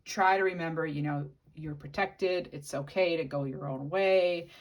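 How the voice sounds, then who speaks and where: A woman's voice: low-pitched, normal speed. A woman giving a casual channeled tarot reading, musing aloud and speaking to the viewer directly. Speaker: tarot reader.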